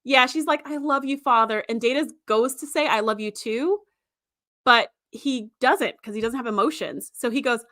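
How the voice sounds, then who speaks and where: A woman's voice: fairly high pitch, moderate pace, sharp tone, no echo, clean studio sound. Chatty woman hosting a livestream. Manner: chatty and emphatic, with frequent fillers. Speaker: show host. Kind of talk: casual livestream commentary.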